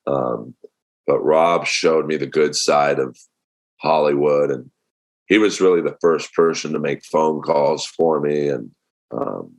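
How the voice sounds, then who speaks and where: A man with a deep voice, a stand-up comedian telling stories as a guest in a casual interview. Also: slow pace, gravelly. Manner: relaxed storytelling with many fillers.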